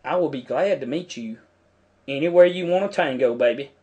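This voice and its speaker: A man's voice: fairly high pitch, a little fast, dark tone, breathy edge, lo-fi sound. A middle-aged man, angrily commenting over a news clip and talking back at the screen in a preachy, heated way. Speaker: video commentator.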